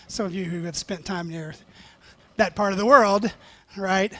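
Pastor, male, higher voice, dry close sound, animated storytelling sermon. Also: no room sound.

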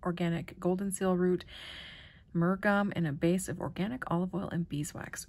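A woman chatting casually as she unboxes a package of craft supplies, gushing with delight and often dropping to a soft whisper. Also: fairly low pitch, fairly even intonation, normal speed, a little hiss or hum. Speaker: crafting vlogger.

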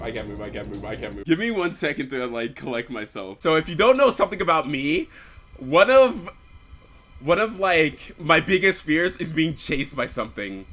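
A man's voice: mid-range voice, animated, normal speed, fairly bright tone, faint music behind. A young man commentating a horror game he plays, swearing often, jumpy and screaming at scares. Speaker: gaming YouTuber.

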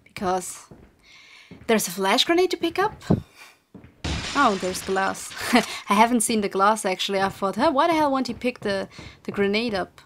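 A woman's voice: mid-range voice, animated, normal speed, background noise. A young woman commentating her video game play casually, frustrated and swearing often at the game. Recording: game music behind the voice.

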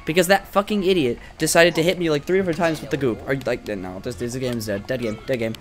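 A young adult man giving excitable, profane, joking let's play commentary as a gaming YouTuber. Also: medium pitch, fast talker, soft background music.

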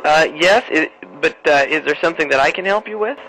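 A man's voice: on the high side, fairly quick, very noisy, lightly acted. A man voicing an evasive young adult son on a prank phone call, stammering as he covers for his father. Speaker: prank caller.

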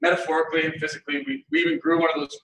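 A man giving a keynote talk, telling funny stories about himself with animated delivery and frequent laughter. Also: very high-pitched, rapid-fire, vocal fry, noisy background. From Canada. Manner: animated, self-mocking, laughs often. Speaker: keynote speaker. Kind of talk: humorous storytelling keynote. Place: conference hall. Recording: echoey hall, mic at a distance.

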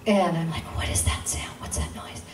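A woman telling a personal testimony at a church gathering, in an earnest way, acting out the dialogue with sudden jumps in pitch. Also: huge pitch swings, moderate pace, soft background music. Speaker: guest speaker sharing testimony. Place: intimate church gathering room. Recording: roomy sound from a distant mic, faint noise.

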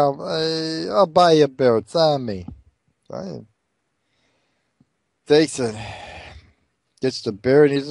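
A man telling crude jokes as an animated storyteller, doing many character voices. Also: on the high side, moderate pace, no echo, clean studio sound. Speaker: joke teller.

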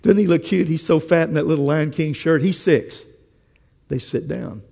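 Gravelly-voiced preacher telling a story. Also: male voice, fairly high pitch, moderate pace, warm tone, big-room sound. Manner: conversational, asks the congregation questions. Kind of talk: sermon with storytelling.

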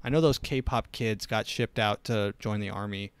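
A man's voice: fairly low pitch, moderate pace, clear, resonant tone, no echo. Give me a sarcastic young male podcast host rambling in a dry, close-miked room. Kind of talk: casual comedic monologue.

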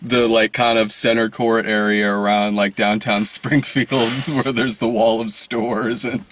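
A man's voice: on the low side, flat delivery, measured pace, fairly bright tone, slight background noise. A man co-hosting a casual movie review podcast, joking, laughing often and chiming in with agreement. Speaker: podcast co-host.

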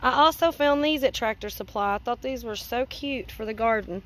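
A woman's voice: on the high side, moderate pace, fairly bright tone. A woman, chatting casually in a homestead vlog, sweet-talking her pig outdoors in a farmyard. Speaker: homestead vlogger.

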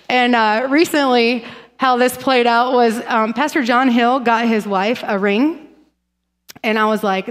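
Bubbly woman preaching in a church hall. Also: fairly high pitch. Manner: bubbly, laughing storyteller. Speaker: pastor's wife co-preaching. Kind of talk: sermon with personal storytelling. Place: church stage. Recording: long reverb of a church hall.

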